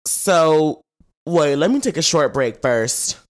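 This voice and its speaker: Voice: medium pitch, expressive, slow. A young adult podcast co-host in casual chat, playful and slangy, swearing freely.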